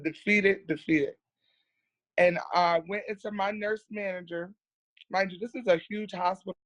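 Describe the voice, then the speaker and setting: A woman's voice: medium pitch, fairly even intonation, normal speed, dry recording. A woman, a nurse, talking as a podcast guest in a candid, earnest way and repeating words for emphasis. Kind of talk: candid personal storytelling.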